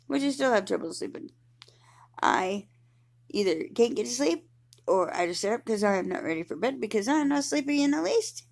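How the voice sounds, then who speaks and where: A woman in her thirties telling her own story in a casual vlog, rambling and candid, swearing freely and trailing off as she hunts for words. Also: mid-range voice. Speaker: vlogger.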